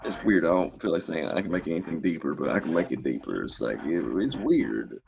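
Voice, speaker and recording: Gravelly deep-sounding man chatting. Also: big pitch swings, brisk, a crowd in the background, low-quality recording. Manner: jokey, slips into mock accents. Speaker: comedian. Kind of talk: casual chat.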